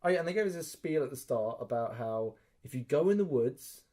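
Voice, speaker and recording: A man's voice: mid-range voice, a little fast. A man co-hosting a podcast, telling a story in casual chat and acting out the quotes. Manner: animated storyteller, acts out quotes, swears. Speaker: podcast co-host.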